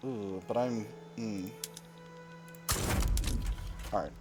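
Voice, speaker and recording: A man's voice: on the low side, drawn-out words, loud music behind the voice. A man commenting on a strategy game he is playing, thinking aloud with dry, wry asides. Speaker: gaming video host.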